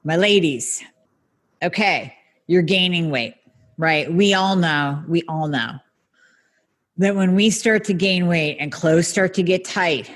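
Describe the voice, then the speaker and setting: A woman's voice: fairly low pitch, slow pace. A woman hosting a solo health podcast, talking straight to her listeners in a blunt, emphatic way with some mild swearing. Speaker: podcast host and functional medicine practitioner.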